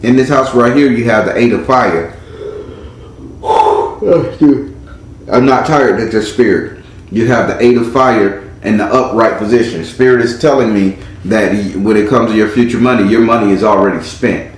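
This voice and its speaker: In a lowish voice and at a slightly quick clip, a man runs an informal live tarot reading, calling on spirit as he goes through the cards. The audio comes from a very reverberant room with a faint hum of noise.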